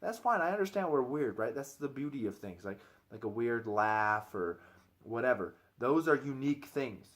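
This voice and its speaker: A man's voice: medium pitch, lively intonation, normal speed. A man in his thirties giving an earnest, opinionated vlog monologue, often tagging his points with "right?". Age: 30s. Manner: chatty, keeps tagging lines with "right?"; earnest, opinionated, repeats himself while he thinks. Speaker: personal trainer vlogger.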